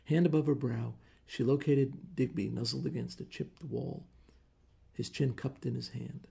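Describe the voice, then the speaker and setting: A man reads a story aloud in measured, steady narration. His voice is gravelly and dark, with a husky edge. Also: mid-range voice.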